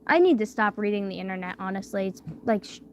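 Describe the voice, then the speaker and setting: A woman's voice: mid-range voice, animated, quick pace. Young woman streaming late, mouth barely opening after dental surgery, lots of "like", faint hiss behind. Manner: rambling, filler-heavy, drifting quiet. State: talking with a barely opened mouth after wisdom teeth surgery. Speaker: livestreamer. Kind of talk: late-night casual chat.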